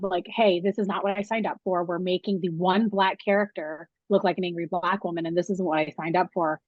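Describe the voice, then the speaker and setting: A woman's voice: medium pitch, no echo. A young woman, a film school professor, talking candidly and animatedly in an interview, with casual swearing. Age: young adult. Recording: dull, dry recording.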